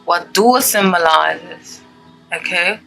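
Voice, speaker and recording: A woman's voice: fairly low pitch, slow pace, vocal fry, pushed and bright, soft background music, rough recording. A woman giving a casual tarot reading to her viewers, chatty and gushing, checking in with "okay?" often. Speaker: tarot reader.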